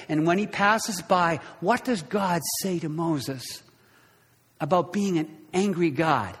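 A man preaching a sermon as a pastor, impassioned, swinging between loud bursts and hushed, quiet lows. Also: unhurried, slightly rough, long reverb tail.

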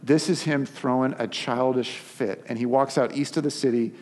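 A man preaching a sermon as a pastor, telling the story in an animated, conversational way. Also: medium pitch, moderate pace, a little hiss or hum. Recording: long hall reverb.

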